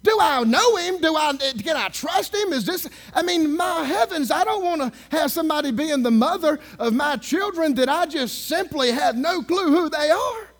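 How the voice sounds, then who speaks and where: A male minister telling a story in a sermon, sarcastic and animated, acting out the people he talks to. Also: very high voice, normal speed, hardly any pauses. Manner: sarcastic, animated storyteller who acts out dialogue.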